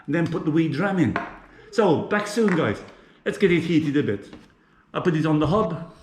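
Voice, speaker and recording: Cooking vlogger from England, a chatty man with a slightly high voice, recorded in an echoey home kitchen. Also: expressive, normal speed, noisy background. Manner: chatty, talks to viewers while cooking. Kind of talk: casual cooking vlog. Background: frying and sizzling from the hob.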